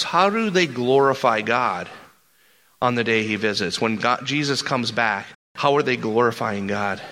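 A male pastor preaching and telling stories, animated, rising in pitch for emphasis and repeating words as he builds a point. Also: measured pace. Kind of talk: sermon with storytelling.

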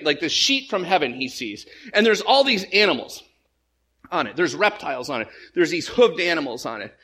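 Animated male pastor preaching, high-pitched voice, repeats himself when he starts a sentence. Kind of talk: sermon.

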